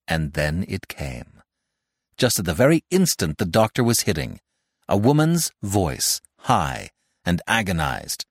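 A man with a low voice narrates a story, his intonation rising and falling widely with dramatic emphasis. The recording is dry and close, with no room echo. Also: a little slow. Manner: expressive storytelling. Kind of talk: scripted narration.

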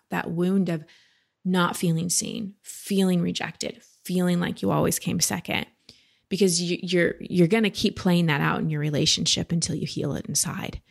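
A woman in her thirties giving a caller direct but gentle coaching advice on a talk show. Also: on the low side, flat delivery, moderate pace, vocal fry.

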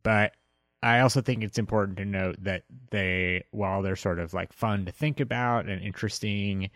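A man hosting a philosophy podcast, explaining in a relaxed way with a lot of hesitant fillers. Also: lowish voice, normal speed, no echo, studio quality. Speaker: podcast host. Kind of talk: casual explanatory chat.

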